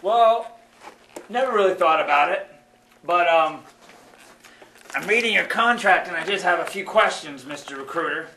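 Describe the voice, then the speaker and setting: A man voicing a calm, skeptical young activist puppet who speaks quietly in a live puppet show, recorded in an echoey hall. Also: high voice, moderate pace, pauses often, slight background noise. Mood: questioning.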